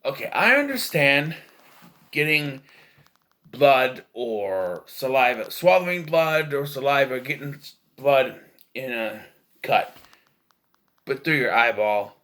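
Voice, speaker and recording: Lively, bright-voiced man reviewing a movie. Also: mid-range voice, slow pace, long pauses. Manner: rambling, opinionated, with frequent fillers and restarts. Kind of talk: casual film review.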